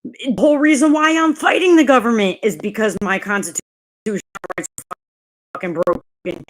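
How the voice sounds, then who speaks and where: A woman's voice: fairly high pitch, normal speed. A woman hosting a casual livestream, ranting angrily and swearing, repeating herself often. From New Jersey, USA. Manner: angry, profane, repeats herself. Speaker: livestream host.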